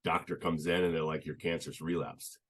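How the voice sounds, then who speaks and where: A young man chatting as a podcast guest, telling his story in an earnest, halting way with many restarts. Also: very deep voice, flat delivery, slightly rough. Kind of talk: casual conversational storytelling.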